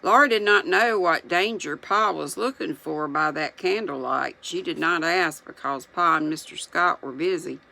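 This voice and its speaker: Gravelly, bright-voiced storybook reader. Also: mid-range voice, poor audio. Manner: unhurried, musing to self between passages. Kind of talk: reading a children's novel aloud with spoken asides.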